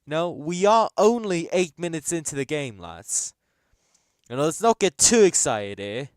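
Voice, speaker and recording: A young man hosts a live football watchalong, chatting casually and rambling as he reacts to the match, breaking into excited shouts whenever there's a chance. His voice is on the high side and moves at a normal speed. The audio is studio quality with no echo.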